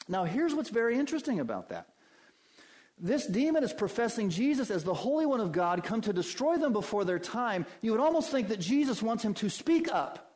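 A male pastor delivers a sermon, speaking emphatically and directly to his congregation at a moderate pace. His voice makes big pitch swings, moving from low and quiet to loud and high.

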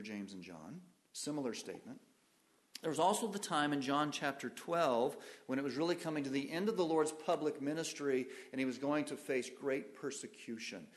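A male pastor delivers a sermon in a medium-pitched voice, putting questions to the congregation. He swings between loud emphasis and quiet, soft phrases.

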